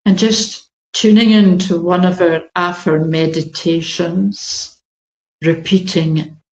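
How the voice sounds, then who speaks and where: Lady guiding a meditation real slow and gentle, kinda muffled, echoey room. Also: on the low side, fairly even intonation. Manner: slow, gentle, flowing delivery with pauses. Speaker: meditation guide. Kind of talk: guided meditation. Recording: dull, echoey room recording.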